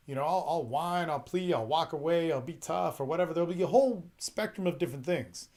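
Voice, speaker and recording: Blunt, profane man with a fairly high voice. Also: brisk, hardly any pauses, darkish tone. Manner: blunt, profane, rambling and emphatic. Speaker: podcast host giving relationship advice. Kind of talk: casual advice monologue.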